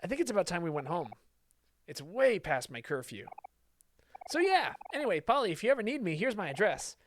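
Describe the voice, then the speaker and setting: A woman's voice: on the low side, sing-song, brisk, slight background noise. A woman voicing a cheerful, friendly boy who talks in a breezy, upbeat way.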